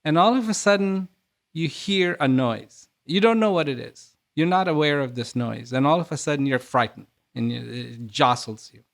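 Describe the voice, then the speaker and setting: Man w a gravelly slightly high voice, telling little stories slow and gentle, repeats himself a lot. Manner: gentle, repeats words, frequent restarts. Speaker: author and speaker. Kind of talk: reflective storytelling interview answers.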